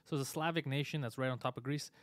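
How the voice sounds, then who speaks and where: A man hosting a live show, giving a fast, opinionated rant full of swearing. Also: medium pitch, steady tone, no room sound. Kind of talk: casual live-stream chat.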